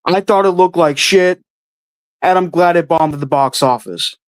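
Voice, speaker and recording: A man's voice: fairly high pitch, normal speed, no room sound. Blunt, swearing man on a livestream. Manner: blunt, swears freely, offhand opinions. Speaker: host answering live chat. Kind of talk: casual livestream chat.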